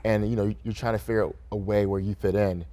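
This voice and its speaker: A young man with a fairly low voice talks easily as a studio interview guest. He laughs often and keeps things casual, dropping "right?" and "kinda" into his sentences. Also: little pitch movement, fast talker, warm tone. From Grand Rapids, Michigan, USA. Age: young adult. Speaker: guest, restaurant owner. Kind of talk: relaxed interview conversation. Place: radio studio.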